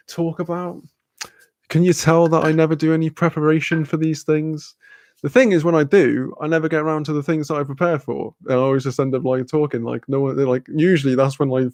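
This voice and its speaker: A Welsh livestream host reads the chat aloud in a laid-back way, laughing often and swearing freely. His voice is a little high and somewhat mellow, with no echo.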